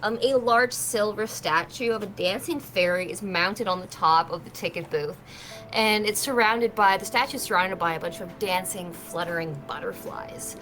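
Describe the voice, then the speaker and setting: A woman's voice: mid-range voice, moderate pace, a bit bright, low-quality recording. A woman as dungeon master, chatting casually and narrating a tabletop game with a laugh and plenty of fillers. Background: music.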